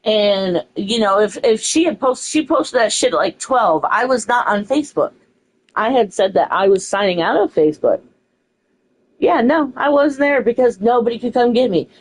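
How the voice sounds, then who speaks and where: A woman's voice: on the high side, expressive, moderate pace, poor audio. A young woman telling a story in a casual, frustrated way, swearing freely and saying "you know" a lot. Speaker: streamer.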